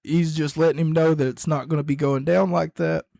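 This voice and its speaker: A man with a somewhat high voice talks through a wrestling recap in a loose, rambling podcast style. He keeps correcting himself and coughs between points. The sound is dry and close, with no room around it. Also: fairly even intonation, fairly quick, vocal fry, a little mellow, no room sound. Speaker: podcast host.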